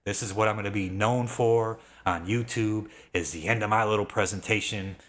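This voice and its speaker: Brief: man, 30s, low voice, eager affiliate marketer mid-rant, repeats himself. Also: fairly even intonation, normal speed, fairly bright tone. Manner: enthusiastic, repetitive, worked up. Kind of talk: excited sales pitch, self-described rant.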